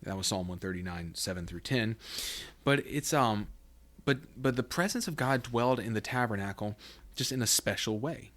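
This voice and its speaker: A man's voice: fairly low pitch, expressive, normal speed, fairly bright tone. A man hosting a podcast, teaching through Bible passages in a conversational way, thinking aloud with fillers and restarts.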